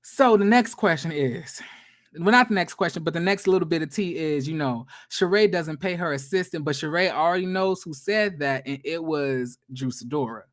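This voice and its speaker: Man, reality show recap, blunt profane gossip, animated ranting, casual vlog talk. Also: on the high side, normal speed.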